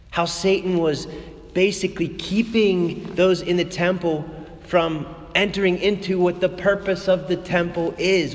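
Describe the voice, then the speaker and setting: A man preaching a sermon in a church, passionate, his voice dropping to a hush and then rising again. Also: high voice, long reverb tail. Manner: impassioned, swings between hushed and raised. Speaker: priest.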